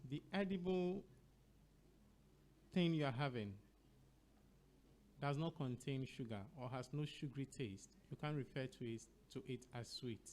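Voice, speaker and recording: A man with a Ghanaian English accent hosting an educational radio show, speaking slowly and deliberately and spelling words out letter by letter. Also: mid-range voice, a little mellow.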